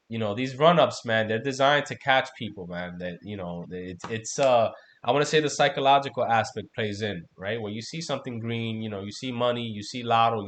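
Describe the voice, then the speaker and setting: Man, trading stream host, casual, profane, keeps saying "right?", ordinary pitch. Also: a bit bright, slight background noise. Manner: loose, profane, chatty, peppered with "man" and "right?". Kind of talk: casual livestream trading talk.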